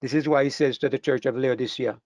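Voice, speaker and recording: A man's voice: medium pitch, fairly even intonation, quick pace, a little mellow, dry recording. A man preaching a sermon to a congregation, earnest and emphatic, repeating phrases as he builds to stressed points. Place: church hall with a live congregation.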